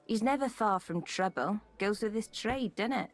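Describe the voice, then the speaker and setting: A woman's voice: medium pitch, normal speed, faint music behind, natural voice. An actress voicing a flirty, guarded bathhouse woman in a video game, with a Welsh accent. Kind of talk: game voice acting.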